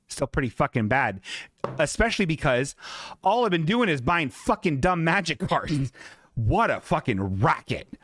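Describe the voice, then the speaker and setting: A man in a comedy podcast rambles through a profanity-laced story at his own expense. His pitch leaps high and drops low with lively swings. The sound is dry and close. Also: no room sound. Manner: rambling, profane and self-mocking. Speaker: podcast host.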